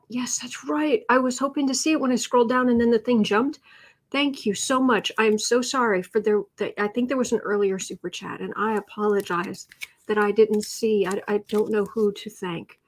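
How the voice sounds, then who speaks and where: A woman's voice: fairly high pitch, slight background noise. A woman chatting casually on her live stream at home, laughing often and cooing at her cat.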